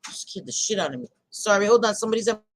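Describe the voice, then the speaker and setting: A woman's voice: mid-range voice, expressive, rapid-fire, no room sound, rough recording. A woman hosting a casual live chat with her viewers, talking bluntly and laughing often, with some swearing. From New York. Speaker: livestream host chatting with viewers.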